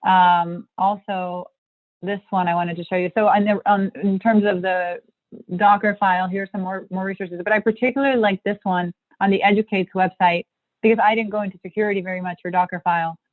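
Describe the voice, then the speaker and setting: A woman's voice: mid-range voice, fairly even intonation, a little fast, dry recording. A woman guest presenting a technical topic on a livestream video call, talking in a rambling way with many fillers and restarts. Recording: tinny phone-like line.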